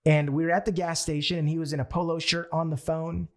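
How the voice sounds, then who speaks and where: A young man giving a motivational sales training talk, telling stories in an animated, playful way. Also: fairly high pitch, quick pace. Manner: animated storyteller who acts out his own thoughts. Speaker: network marketing trainer.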